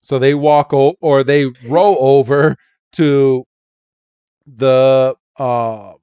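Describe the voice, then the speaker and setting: A man's voice: medium pitch, steady tone, extremely slow, clean tone, no echo, lo-fi sound. A man co-hosting a podcast, casually recapping a cartoon episode and acting out the characters' lines in goofy voices with frequent laughter. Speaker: podcast co-host.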